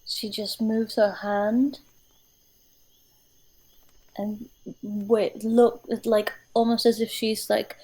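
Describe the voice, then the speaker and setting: A woman narrating a tabletop game as game master, describing scenes slowly with many hesitations. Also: on the high side, flat delivery, darkish tone.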